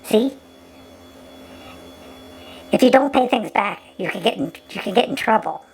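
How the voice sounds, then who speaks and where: A woman's voice: a little high, expressive, measured pace, creaky, a little mellow, slight background noise, poor audio. A woman giving sarcastic running commentary over an old film, often stumbling and repeating her words.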